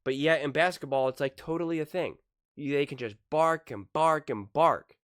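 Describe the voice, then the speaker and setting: A man's voice: fairly high pitch, normal speed, a bit bright, clean tone, dry recording, studio quality. A man hosting his own sports commentary channel, arguing his points emphatically and repeating key words for stress. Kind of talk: solo sports opinion commentary.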